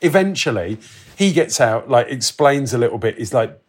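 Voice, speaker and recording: Animated man telling stories. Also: mid-range voice, moderate pace, husky. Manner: animated storyteller, acts out quoted voices, swears freely. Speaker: podcast guest telling travel stories. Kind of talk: casual anecdote telling.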